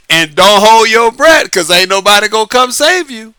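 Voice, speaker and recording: Male vlogger, high, sharp and clean voice, dry close sound, laughs through a loose slangy rant. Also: lively intonation, fairly quick, few pauses, smooth, no echo. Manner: laughs often, uses Southern-flavored slang. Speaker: online commentary host. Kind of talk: casual monologue to viewers.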